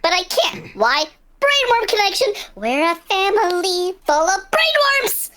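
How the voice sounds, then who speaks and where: A woman playing a tabletop game in character, bossy and exasperated in quick banter. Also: extremely high pitch, very animated, very noisy. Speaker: player. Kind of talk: casual tabletop play, in character.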